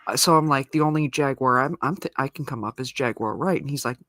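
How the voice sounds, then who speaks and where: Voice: mid-range voice, fast talker, fairly bright tone. Co-host just chatting on stream, trails off and restarts a lot. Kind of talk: casual chat.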